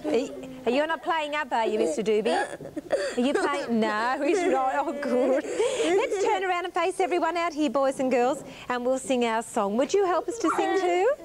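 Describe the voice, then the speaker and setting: A woman's voice: high voice, expressive, moderate pace, a loud crowd. A young Australian woman presenting a 1980s children's TV show, talking to small children in a gushing, coaxing, exclamatory sing-song. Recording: 1980s TV studio, music behind.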